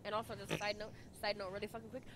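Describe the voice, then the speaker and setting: A woman's voice: medium pitch, level tone, very fast, background noise. A woman co-hosting a casual chat, telling stories bluntly with heavy swearing and talking with her hands. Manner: profane, blunt storytelling. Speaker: podcast co-host.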